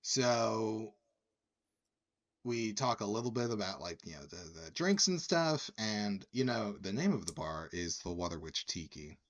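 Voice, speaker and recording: A man's voice: lowish voice, sing-song. A man co-hosting a podcast, telling a rambling bar anecdote in casual chat with frequent restarts. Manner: slow, halting anecdote telling with quoted voices. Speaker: podcast co-host.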